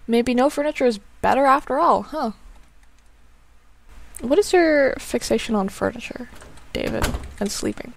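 A woman giving casual, sarcastic commentary over a game she plays. Her voice sits a bit high, and she swears freely and dryly mocks what happens on screen. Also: expressive, normal speed, creaky, long pauses, a little hiss or hum, poor audio. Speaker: let's play gamer.

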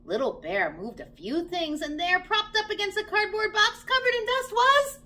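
Animated woman reading a children's story. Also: extremely high pitch, normal speed. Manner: animated and expressive. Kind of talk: story read aloud for children.

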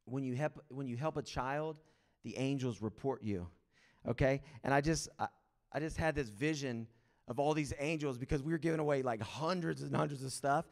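A man's voice: mid-range voice, normal speed, vocal fry. Man preaching a casual, story-filled sermon. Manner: casual storytelling with excited acted-out quotes. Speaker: pastor. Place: church sanctuary.

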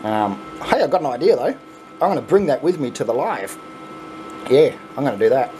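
A middle-aged man with an Australian accent hosting a casual unboxing vlog, excitable and chuckly, swearing freely. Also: medium pitch, brisk, soft background music. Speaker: coin pusher channel host.

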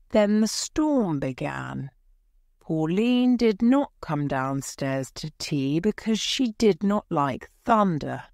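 A woman narrating a graded audiobook story for English learners in a clear, measured way. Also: low-pitched, darkish tone, dry recording, studio quality.

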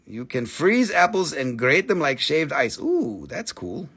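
A man's voice: on the high side, sing-song, a little slow, fairly bright tone, breathy edge. A man hosting a live crystal sales stream, joking crudely, swearing and calling out prices like an auctioneer. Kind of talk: casual live-stream selling chat.

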